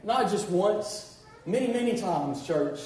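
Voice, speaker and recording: A man's voice: high voice, lively intonation, slow, darkish tone. A middle-aged male pastor preaching a sermon, calling out "church" again and again and often restarting his sentences. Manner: preaching with repeated "church" call-outs and restarts. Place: church sanctuary. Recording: very echoey, distant church recording with faint noise.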